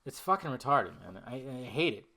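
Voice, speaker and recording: A man's voice: mid-range voice, big pitch swings, a little fast, sharp tone. A man hosting a solo podcast, ranting heatedly and swearing a lot. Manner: heated, swearing, emphatic rants. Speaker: podcast host.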